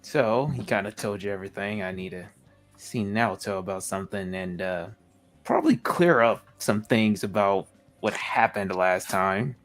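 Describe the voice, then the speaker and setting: A man playing in a tabletop game, his voice sitting somewhat low. He rambles awkwardly and hesitates as he talks, and faint music plays behind him. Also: normal speed, a bit bright. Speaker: player. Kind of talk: tabletop role-play.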